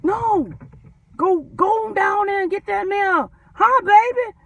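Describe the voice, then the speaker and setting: A woman imitating a loud, bossy woman supervisor who shouts orders at workers. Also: takes it slowly, vocal fry, full character voice. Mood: bossy, yelling. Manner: high-pitched, shouting orders.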